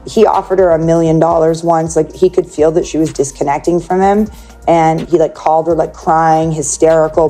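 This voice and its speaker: A woman's voice: low voice, steady tone, moderate pace, mellow, soft background music. A woman guest in an interview, telling a personal story in a chatty way, full of "like" and acted-out quotes. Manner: chatty, peppered with "like", acts out quoted speech.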